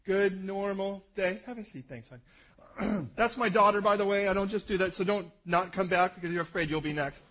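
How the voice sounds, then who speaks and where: A middle-aged man preaches a sermon, telling the story with lively, acted-out scenes. His voice is husky and sits fairly high for a man. The delivery shifts between plain, conversational teaching and bursts of animated storytelling. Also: moderate pace, low-quality recording. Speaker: pastor.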